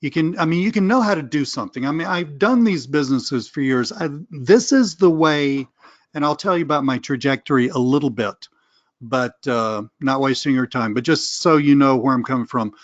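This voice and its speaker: A man's voice: medium pitch, moderate pace, no room sound, highs cut off. A middle-aged man with a Southern US accent, talking casually and rambling as a coach on a webinar. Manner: chatty, rambling, self-deprecating, occasional cursing. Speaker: online business coach.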